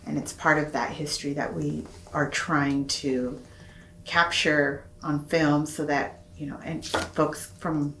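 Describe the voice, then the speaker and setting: A woman's voice: low voice, level tone, slow pace, a bit bright, roomy sound, rough recording. A woman interviewing a veteran, asking encouraging questions for an oral history project.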